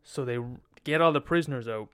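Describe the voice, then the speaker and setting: A man's voice: medium pitch, fairly quick, fairly bright tone, smooth, no echo, soft background music. A man with an Irish accent retelling a story in a casual, profane, repetitive, conversational way.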